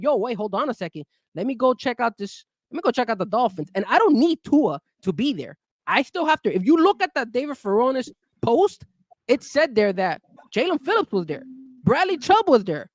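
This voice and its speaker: A man's voice: normal speed, no room sound, studio quality. A man hosting a casual sports talk show, getting heated and cursing as he rants about his team. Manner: heated, cursing, lively swings in pitch. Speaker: show host.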